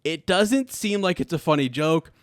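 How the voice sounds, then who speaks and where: A man's voice: on the high side, animated, normal speed, dry recording, clean studio sound. A man co-hosting a casual podcast chat, reading jokes aloud, laughing often and stumbling over words. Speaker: podcast co-host.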